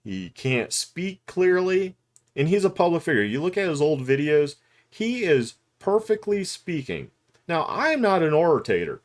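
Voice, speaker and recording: A man's voice: on the high side, big pitch swings, measured pace. A middle-aged man giving candid, rambling commentary to the camera, with restarts and chuckles along the way. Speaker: YouTube commentator. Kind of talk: unscripted talking-head commentary.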